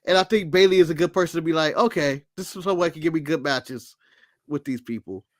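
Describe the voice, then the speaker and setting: A man's voice: on the high side, quick pace, no echo, studio quality. A man co-hosting a casual wrestling podcast, blunt and joking, swearing freely. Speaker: podcast co-host.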